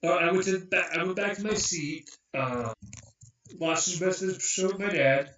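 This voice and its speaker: A fairly high-voiced young man tells a long, rambling story on a podcast and acts out the other people's lines. His voice sounds roomy and a bit far from the mic. The recording is dull. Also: normal speed. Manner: rambling, animated, acts out quotes. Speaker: podcast host. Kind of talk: casual storytelling chat.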